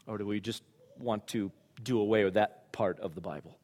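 Male pastor, sermon delivery, quiet to fervent, church with long reverb. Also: fairly low pitch, moderate pace. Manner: preaching, from quiet and reflective to loud and fervent.

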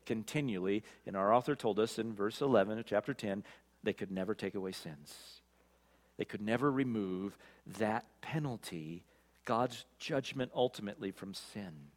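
Man preaching in an echoing hall. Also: on the low side. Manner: emphatic, rising to loud peaks then dropping quiet. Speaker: pastor. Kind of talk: expository sermon. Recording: long reverb of a large hall.

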